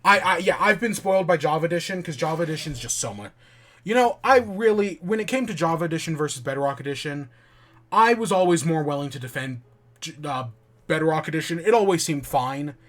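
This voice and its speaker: A man's voice: fairly high pitch, animated, brisk, fairly bright tone. Grumbling man chatting while gaming. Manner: grumbling, swearing, frustrated muttering. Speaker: podcast host playing a game while chatting. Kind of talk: casual gaming chat.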